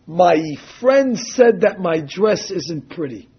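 A little girl tells why she is upset as a man retells her words. The voice is husky and quiet, close to the speaker's own. The recording sounds dull. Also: high-pitched, sing-song, takes it slowly, exaggerated voice. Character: upset five-year-old girl.

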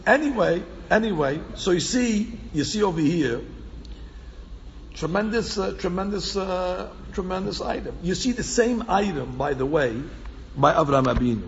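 A man teaching a Torah class to a small group in an animated way, repeating phrases for emphasis and mixing in Hebrew quotes. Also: sits high, moderate pace. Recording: echoey hall, dull lo-fi sound with faint background hum.

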